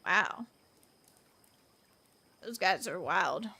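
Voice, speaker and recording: A young woman from the American South streaming a point-and-click game, excitable and jokey, laughing and gasping often. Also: fairly low pitch, drawn-out words, gravelly, breathy edge. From Southern United States. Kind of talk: casual gameplay commentary. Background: faint game music.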